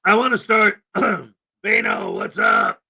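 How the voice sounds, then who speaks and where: A man from Canada hosting a casual morning livestream, greeting viewers by name with loud, upbeat enthusiasm and a slightly rough throat. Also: sits high, wildly swooping pitch, slow, background noise. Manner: upbeat, greeting chat names with shouted enthusiasm. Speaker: livestream host.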